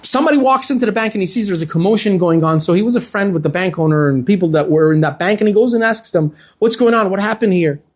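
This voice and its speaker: A man's voice: sits high, quick pace, few pauses. A man, a rabbi, giving a lecture in which he tells a story and acts out its dialogue. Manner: animated storyteller acting out dialogue.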